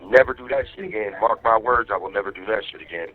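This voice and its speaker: A man's voice: fairly low pitch, fast talker. An angry man rants over a tinny jail phone line. He swears constantly and complains in a heated voice, with faint music underneath. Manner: angry, profane venting. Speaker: inmate on a jail phone call. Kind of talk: phone call to his wife.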